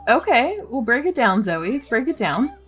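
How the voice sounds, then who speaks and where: A woman's voice: fairly high pitch, very animated, measured pace, fairly bright tone, faint music behind. A young woman hosting a let's play, chatting casually and giggling as she reacts to the game with dismay. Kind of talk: casual gameplay commentary.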